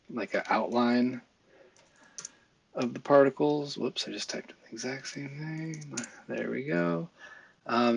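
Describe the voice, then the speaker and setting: A man talking through a software tutorial in a casual, think-aloud way, with fillers and small asides as he works. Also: on the low side, vocal fry, breathy edge, no echo. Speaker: visual effects tutorial instructor. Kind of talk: screen-recorded software tutorial.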